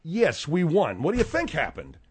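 A man's voice: a little high, wildly swooping pitch, moderate pace, husky. A man hosting a talk radio show, rambling with lots of restarts and asides. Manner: rambling, many fillers and restarts. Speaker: radio host.

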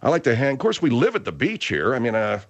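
Male talk radio host, riffing and exaggerating, pitch swings a lot. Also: quick pace. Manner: animated, riffing, comic exaggeration.

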